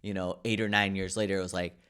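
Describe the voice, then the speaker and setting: Man, podcast host, casual interview, rambling questions, smooth resonant voice, lowish pitch. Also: level tone, fast talker, fairly bright tone. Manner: rambling questions, many fillers and backchannels.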